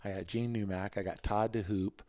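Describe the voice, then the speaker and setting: Middle-aged man, lowish voice, dry close sound, casual animated storyteller who acts out his own thoughts. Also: fairly quick, no room sound. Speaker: podcast guest, former motocross racer.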